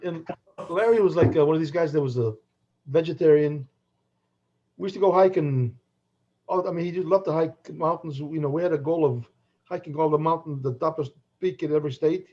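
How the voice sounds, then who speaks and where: A man's voice: on the high side, brisk. A middle-aged man co-hosting a podcast, telling rambling anecdotes full of restarts and laughs. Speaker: podcast co-host. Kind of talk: casual chat, storytelling. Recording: dull lo-fi sound.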